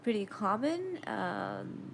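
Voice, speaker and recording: A woman's voice: medium pitch, huge pitch swings, slow pace, vocal fry, slight background noise. Rambling woman vlogger, full of ums. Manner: hesitant, many ums and self-corrections. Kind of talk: rambling casual monologue.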